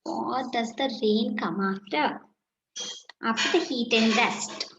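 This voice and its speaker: High-voiced woman teacher in an echoey room. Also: gravelly, a bit bright. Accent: Indian English. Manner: slow, repeats phrases while writing answers. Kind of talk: classroom lesson, dictating answers. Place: classroom. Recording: echoey room, dull lo-fi sound, faint noise.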